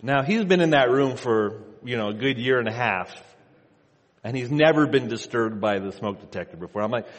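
A man in his thirties preaching a sermon in a church sanctuary, telling a relaxed story and often repeating himself. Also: medium pitch, moderate pace, in a large hall. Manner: conversational storytelling, repeats words. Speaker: pastor.

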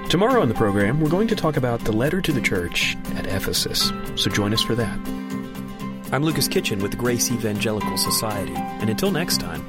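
A man's voice: medium pitch, very animated, brisk. A man hosting a religious radio show, reading an upbeat promotional outro in the studio. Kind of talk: announcer outro. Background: background music.

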